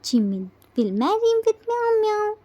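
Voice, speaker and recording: A woman's voice: extremely high pitch, very animated, unhurried, mellow, voice pushed up, full character voice. A woman voicing a shy, easily scared little boy who speaks in babyish phrases. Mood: sweet, childish.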